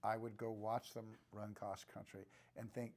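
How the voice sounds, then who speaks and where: A man in his sixties, an actor, answering interview questions in a relaxed, reflective way with frequent restarts. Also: on the low side, normal speed. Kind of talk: press junket interview.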